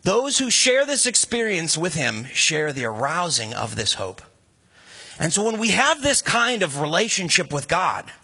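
A man delivers a sermon in a bright, slightly husky voice, talking to his listeners casually and throwing out rhetorical questions. His pitch sits a bit high for a man. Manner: conversational, animated preaching with rhetorical questions. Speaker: pastor.

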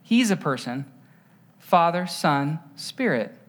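A preacher giving a casual, chatty sermon whose pitch rises and falls in wide swings. The delivery is lively, with rhetorical questions tossed to the congregation and stories acted out with little sound effects. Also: slow pace. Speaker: pastor. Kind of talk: conversational sermon.

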